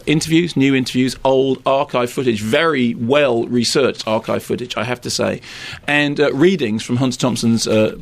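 A man's voice: medium pitch, gravelly. A middle-aged man, co-hosting and rambling wryly through a film chat. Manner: rambling, digressive, wry. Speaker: film critic and co-host. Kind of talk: casual podcast chat.

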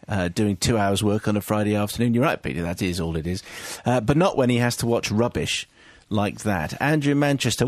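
A man's voice: fairly low pitch, no echo. A man presenting a radio show, teasing his guest and reading out listener messages. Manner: dry, teasing.

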